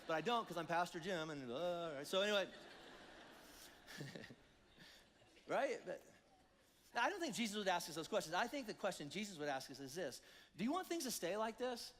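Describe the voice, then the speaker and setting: A high-pitched man preaches a sermon in a church with a long, ringing reverb. He talks conversationally and with animation, and he slips into the voices of the congregation. His tone is casual, like he is chatting with his listeners. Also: big pitch swings, brisk, long pauses, a bit bright. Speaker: pastor. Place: church hall.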